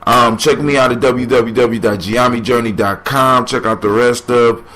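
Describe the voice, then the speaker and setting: A man's voice: mid-range voice, fairly even intonation, normal speed, bright, forceful tone. Emphatic man giving a motivational talk. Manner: preachy, emphatic repetition. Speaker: podcast host. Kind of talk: motivational podcast commentary.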